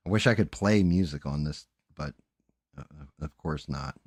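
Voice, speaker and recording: A man hosts a live stream while painting 3D prints, chatting casually, cursing freely and often trailing off mid-sentence. His voice rumbles low at a moderate pace, with no room sound.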